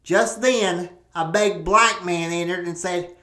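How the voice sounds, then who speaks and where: Profane, slow-telling comic woman. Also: on the low side, fairly bright tone. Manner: profane, rambling asides. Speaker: podcast host. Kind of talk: crude comic storytelling. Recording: roomy echo.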